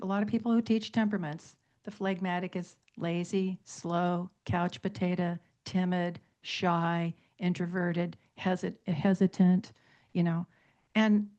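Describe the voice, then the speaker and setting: A woman's voice: on the low side, measured pace, a little mellow, highs cut off. A middle-aged woman teaching about temperaments on a radio talk show, emphatic, stringing words into long lists and repeating points for stress.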